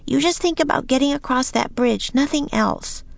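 A woman's voice: sits high, moderate pace, creaky, no echo, voice pushed up. A woman voicing a brave, bossy young girl who urges her brother on, often in whispers. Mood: urging. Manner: eager, urging, often whispering.

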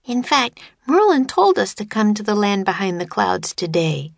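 A woman voicing a cheerful, bold nine-year-old girl in a storybook reading, pitched high and chirpy. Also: very animated, normal speed, creaky, no room sound. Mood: eager.

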